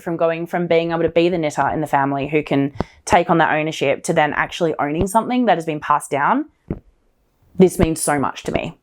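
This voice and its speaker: A woman hosting a knitting podcast, talking in a casual, gushing, excitable show-and-tell style. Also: low voice.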